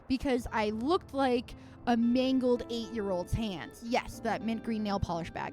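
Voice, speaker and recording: A woman's voice: on the high side, moderate pace, few pauses, soft background music. A woman streamer chatting casually at home while she plays, rambling and venting with plenty of swearing. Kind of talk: casual livestream chat while gaming.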